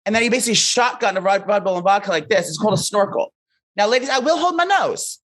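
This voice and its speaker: A man's voice: high-pitched, animated, fast talker, a bit bright. A young man co-hosting a podcast, telling stories in a campy, flamboyant way and calling himself by a nickname. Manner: campy, flamboyant storytelling, calls himself Nana. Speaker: podcast co-host. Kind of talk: casual chat.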